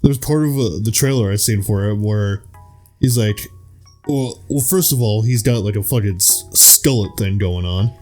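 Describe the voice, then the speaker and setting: A man's voice: fairly low pitch, moderate pace, a little mellow, soft background music. A young man co-hosting a podcast, chatting casually, rambling and swearing, breaking into silly impressions now and then. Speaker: podcast co-host. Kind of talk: casual chat.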